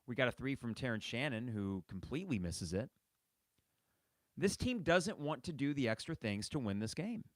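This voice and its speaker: A man's voice: medium pitch, very animated, moderate pace, no echo. A man in his thirties hosting a sports fan podcast, commenting in an impassioned, exasperated rant. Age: 30s. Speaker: podcast host.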